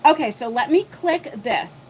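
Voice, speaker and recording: A woman hosting a casual livestream chat from her phone, flustered and chatty as she thinks out loud. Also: high-pitched, animated, a little slow, slight background noise. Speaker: livestream host. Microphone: phone mic.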